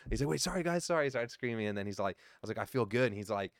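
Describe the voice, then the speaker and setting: A man's voice: lowish voice, steady tone, rapid-fire, clean tone, no room sound, studio quality. A man in his thirties telling loose, profane stories as a podcast guest in casual conversation. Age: 30s. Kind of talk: casual chat.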